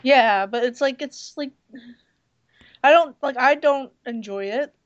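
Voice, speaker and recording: Hoarse woman with a slightly high voice. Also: unhurried, lo-fi sound. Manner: hesitant, lots of "like" fillers, blunt. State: hoarse, losing her voice. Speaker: podcast co-host reviewing a movie. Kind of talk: casual chat.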